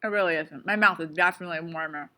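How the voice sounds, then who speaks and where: A woman's voice: mid-range voice, expressive, normal speed, bright, forceful tone. A woman teaching a casual science lesson on video, playful and chatty, asking lots of questions and sometimes talking with her mouth full. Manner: talks with her mouth full while eating.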